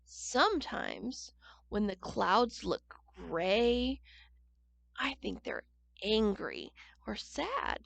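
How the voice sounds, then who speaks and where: A woman reading a children's picture book aloud at church, gentle and expressive, pausing to ask the listening children questions. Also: medium pitch, gravelly, no echo. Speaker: church storyteller.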